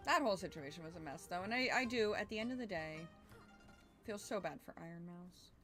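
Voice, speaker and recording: A young woman streaming a video game and chatting easily as she plays, her pitch lifting and dipping a lot. She talks things through aloud and swears casually. Soft game music plays faintly behind her. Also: lively intonation, brisk. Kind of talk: casual gameplay chat.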